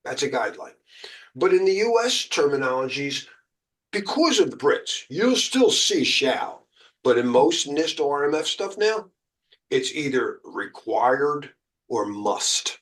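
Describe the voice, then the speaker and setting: This man's medium-pitched voice is sing-song, a bit bright, and a little slow. He's an American cybersecurity exam instructor, keeping his exam-prep teaching casual and jokey with lots of uh and um.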